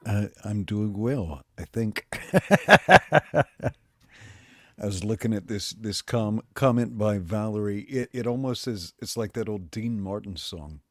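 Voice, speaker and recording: A man co-hosting a podcast chat, dropping dry, wry remarks and reading out viewer comments. His voice is on the low side, and the sound is dry and close-miked. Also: slow pace, dry recording. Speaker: podcast co-host. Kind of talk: casual chat.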